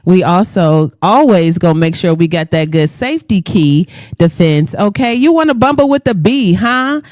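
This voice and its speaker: A woman's voice: on the low side, animated, normal speed, darkish tone, no echo, clean studio sound. A woman hosting a radio talk show, talking in a playful, bawdy way and laughing often. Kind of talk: casual radio interview chat.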